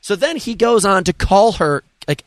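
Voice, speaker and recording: Male podcast guest, lively casual storyteller, slightly high voice, dry close sound. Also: normal speed, dry recording. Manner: animated storyteller, swears freely. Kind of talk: casual chat.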